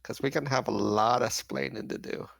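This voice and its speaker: A man's voice: mid-range voice, steady tone, moderate pace, vocal fry, a bit bright, no room sound. A man playing a tabletop game, joking and plain-spoken. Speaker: player. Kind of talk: casual tabletop play.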